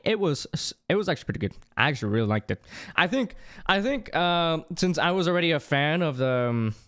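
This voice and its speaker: A young adult livestreamer chatting casually with viewers, rambling and excitable, with many restarts. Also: medium pitch, quick pace. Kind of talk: casual chat with stream viewers.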